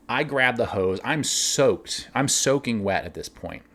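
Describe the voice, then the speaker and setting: A man casually telling workplace stories, animated, laughing now and then and acting out the lines of others. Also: mid-range voice, measured pace. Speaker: winery cellar worker telling stories. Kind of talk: casual storytelling.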